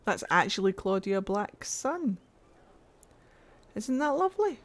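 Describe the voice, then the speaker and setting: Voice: mid-range voice, big pitch swings, unhurried. A streamer giving casual, playful commentary over a video game, full of jokey asides. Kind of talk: casual let's-play commentary.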